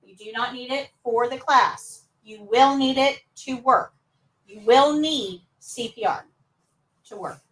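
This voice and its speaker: Female instructor, high voice, upbeat classroom teaching, mic set back from her. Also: slow, fairly bright tone, far from the mic, low-quality recording. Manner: upbeat, coaxing students to answer. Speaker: nursing assistant instructor. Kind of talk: live classroom lesson.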